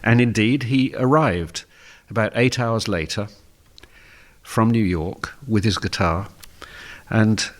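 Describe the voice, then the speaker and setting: An older man from England, a guest on a radio show, telling a relaxed story and laughing often as he goes. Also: fairly low pitch, slow. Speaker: guest musician. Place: radio studio.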